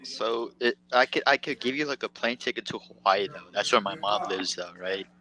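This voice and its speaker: A man's voice: lowish voice, moderate pace, pushed and bright, a little hiss or hum, low-quality recording. A young man in a heated online debate, casual and brash, laughing at the others.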